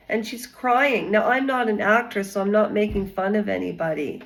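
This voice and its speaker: A woman's voice: mid-range voice, moderate pace, gravelly, few pauses, rough recording. A woman vlogger giving casual commentary in a rambling, chatty way with many digressions.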